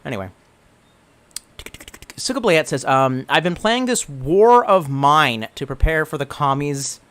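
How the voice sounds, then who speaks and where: A man chatting casually on a livestream, reading chat aloud, rambling and swearing, stammering through restarts and swinging between excited and gloomy. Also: on the high side, measured pace.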